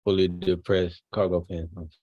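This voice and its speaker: A man casually commenting on a video he is watching, relaxed and chuckling often. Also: low voice, unhurried, dry recording, lo-fi sound. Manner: laid-back, chuckling often. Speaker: streamer reacting to a video.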